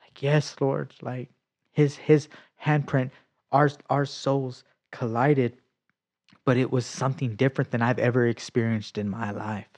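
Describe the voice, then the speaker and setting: A man sharing his faith testimony in casual conversation, telling it with energy, acting out what he said back then and dropping to a hushed whisper for emphasis. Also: mid-range voice, flat delivery, a little slow.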